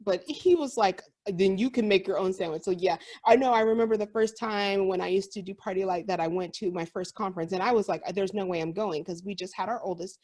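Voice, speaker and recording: A woman's voice: mid-range voice, brisk, hardly any pauses, a little mellow. A woman in her thirties co-hosting a podcast, chatting casually and acting out family dialogue as she tells stories. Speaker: podcast co-host. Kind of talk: casual chat.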